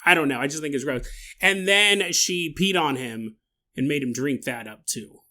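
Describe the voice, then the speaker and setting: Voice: mid-range voice, normal speed, pushed and bright. A podcast host telling a story casually, laughing often and breaking into mock outrage and silly voices for the people in it. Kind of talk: casual storytelling with comic asides.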